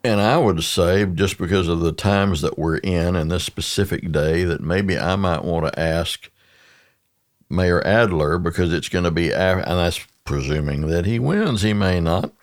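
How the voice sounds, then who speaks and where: Deep-voiced older man telling stories. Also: a little slow. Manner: rambling, with many restarts and asides. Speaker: podcast guest. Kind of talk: conversational storytelling. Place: radio studio.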